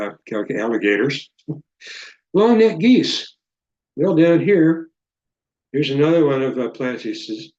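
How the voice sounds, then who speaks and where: A man's voice: mid-range voice, a little mellow, reverberant, dull audio. A man presenting as a guest over a video call, rambling and joking as he walks through a slideshow. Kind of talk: casual slideshow talk.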